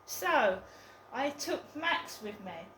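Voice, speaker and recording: A woman's voice: high-pitched, sing-song, roomy sound, noisy background. A woman telling a story in a casual vlog, hesitant and full of ums. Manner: slow, hesitant, with many ums. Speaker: vlogger.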